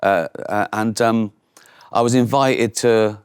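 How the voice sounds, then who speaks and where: A man's voice: on the low side, steady tone, slow pace, clear, resonant tone, no echo, clean studio sound. A man, telling anecdotes in a casual chat and acting out other people's voices. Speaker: guest comedian.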